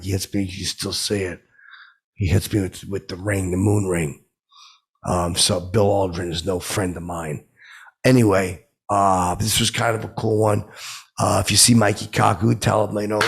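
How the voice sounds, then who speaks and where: A gravelly, husky man with a lowish voice spins a rambling, crude comic story. He sounds boastful and oblivious, bragging about run-ins as a podcast host in character. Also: a bit bright.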